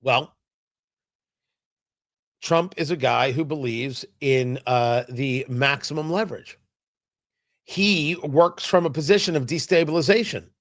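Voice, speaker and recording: A man hosting a political talk show, giving opinionated commentary and acting out quotes with sudden loud outbursts. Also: a little high, unhurried, pauses often. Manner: animated, acts out quotes with sudden loud shouts.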